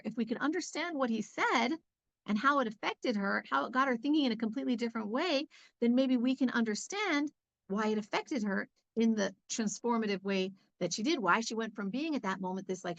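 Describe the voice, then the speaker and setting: A woman teaching a Bible class in a casual, talkative way, with many fillers. Her voice is fairly high. The sound is close and dry and a little dull. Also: brisk, no echo. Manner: chatty, lively, with many fillers. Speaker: Torah teacher. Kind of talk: conversational Bible lesson.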